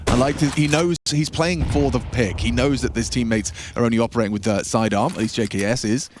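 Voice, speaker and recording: A man giving animated esports commentary, breaking into hype outbursts. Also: medium pitch, a little fast. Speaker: esports co-caster. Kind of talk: color commentary. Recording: noisy broadcast feed.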